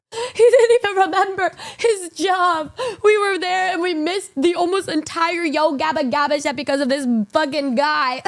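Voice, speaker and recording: A young woman streamer telling a casual story, animated, swearing and laughing through it. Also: very high voice, a little slow.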